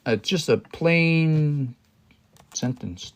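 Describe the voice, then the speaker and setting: A man on a casual live stream studying a language as a learner. He thinks aloud, pauses, restarts and reads phrases slowly. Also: medium pitch.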